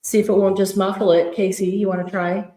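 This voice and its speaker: A chatty, excitable woman hosts a live craft sale and calls out hellos to viewers by name. Her voice sits at an ordinary pitch for a woman. It carries the echo of a big room and sounds muffled, as if through cloth over the mic. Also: brisk. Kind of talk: live-stream chat. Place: large echoey event room at a craft retreat. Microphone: fixed room mic draped with fabric.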